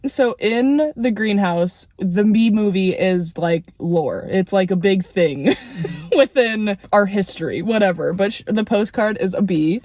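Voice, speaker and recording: A woman book vlogger chatting casually in a parked car, gushing and excitable, laughing often as she talks. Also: mid-range voice, a little slow, no room sound. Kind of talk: casual vlog chat.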